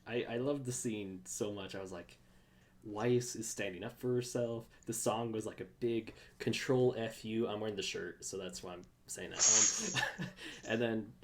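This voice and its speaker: An excitable podcast host rambles through a casual fan chat, piling up fillers and restarts. The voice sits at a middle pitch. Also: normal speed, slight background noise.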